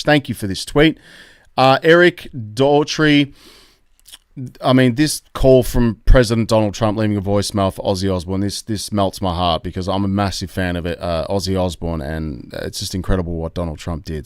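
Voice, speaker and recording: Excitable Australian man, smooth dry voice. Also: fairly low pitch, dry recording. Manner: excitable, rambling, exclamatory. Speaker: crypto YouTube host. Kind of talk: live-stream commentary reading chat.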